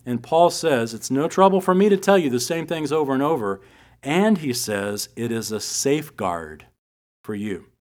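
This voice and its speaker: A middle-aged man teaching from the Bible, telling personal stories in a relaxed, humorous way. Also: medium pitch, normal speed. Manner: conversational storytelling with humor.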